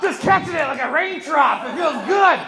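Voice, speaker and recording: A Canadian man in his thirties performs stand-up into a handheld mic, animated and profane, often bursting into shouts. His voice sits high for a man. It rings around a big echoey theater under heavy audience laughter. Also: normal speed, a crowd in the background, background noise. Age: 30s. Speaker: stand-up comedian. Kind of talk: live stand-up comedy with crowd work. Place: large theater stage, live audience.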